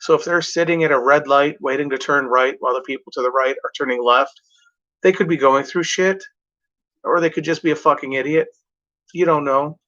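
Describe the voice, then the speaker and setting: A man rambles casually to his viewers, swearing often and cracking himself up. His voice sits a little high and sounds bright and forceful. The recording is dull and lo-fi. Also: fairly quick. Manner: rambling, profane, jokey. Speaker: vlogger. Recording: muffled lo-fi recording.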